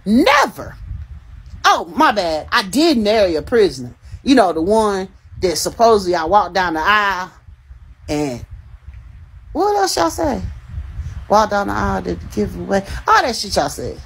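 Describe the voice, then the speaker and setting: Husky, brash woman livestreamer. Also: medium pitch, big pitch swings, moderate pace. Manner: profane, brash and teasing, calls out commenters; laughs often between remarks. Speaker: livestream host reading comments. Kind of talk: casual livestream chat.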